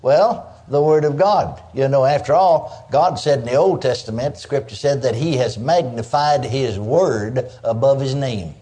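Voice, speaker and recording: A man's voice: medium pitch, measured pace, few pauses, dark tone. A man preaching a sermon, emphatic, breaking in with cries of praise and calling on listeners to answer him. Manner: calls for audience response.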